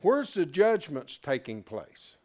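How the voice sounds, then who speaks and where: A man teaching a Bible class, animated, who keeps asking rhetorical questions and restarting his words as he thinks aloud. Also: fairly high pitch, takes it slowly.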